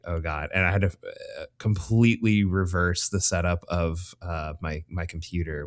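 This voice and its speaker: Low-voiced man hosting a casual podcast. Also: darkish tone. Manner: joking, rambling with fillers. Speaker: podcast co-host. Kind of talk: casual chat. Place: home room, separate from co-host. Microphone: own microphone.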